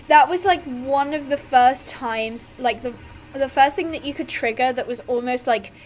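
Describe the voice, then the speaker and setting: Chatty high-voiced woman gamer. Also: moderate pace, a little hiss or hum. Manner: chatty, rambling, reads quest dialogue aloud. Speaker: gaming youtuber. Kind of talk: casual gameplay commentary.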